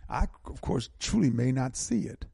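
A man's voice: mid-range voice, big pitch swings, normal speed, creaky, warm tone, husky, no room sound. An older man hosting a call-in radio talk show, speaking in a preacherly way with emphatic repetition.

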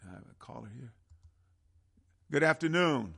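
A husky, gravelly-voiced man hosts a call-in radio show. He talks with an impassioned, sermon-like cadence and leans hard on key words with slow, heavy stresses. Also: mid-range voice. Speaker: radio talk show host.

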